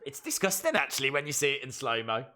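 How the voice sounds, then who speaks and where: A man streaming a live wrestling watch-along, reacting with jokes and sudden shouted mimicry. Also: medium pitch, quick pace, a little hiss or hum. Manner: animated, jokey, mimics wrestlers in shouted bits.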